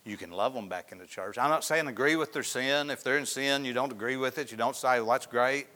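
A man preaching a sermon in a folksy storytelling way, often dropping to soft, hushed tones. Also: medium pitch, quick pace. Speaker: pastor.

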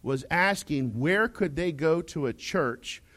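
In a slow, expressive sermon full of folksy charm, a male pastor with a fairly high voice lets his pitch rise and fall dramatically. He shifts between thundering declarations and quiet asides, constantly tossing questions to the congregation.

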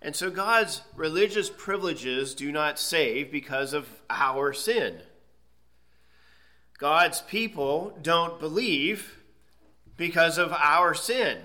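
Bright-voiced male pastor preaching. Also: on the high side, expressive, slow pace. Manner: emphatic teaching with rhetorical questions. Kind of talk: expository sermon.

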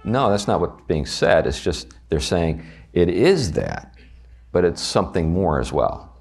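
Deep-voiced Southern man teaching a Bible class. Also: measured pace, gravelly, slightly rough. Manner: conversational, animated, asks the class questions. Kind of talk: teaching a class on a confession of faith.

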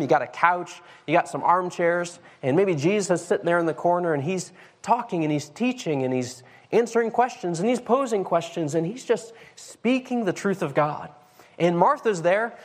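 Conversational male pastor preaching. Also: high-pitched. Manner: conversational, asks the congregation questions. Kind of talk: sermon.

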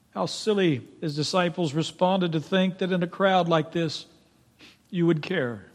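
Male preacher, high voice, slow deliberate delivery, emphatic, loud pleas then hushed, long hall reverb. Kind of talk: sermon.

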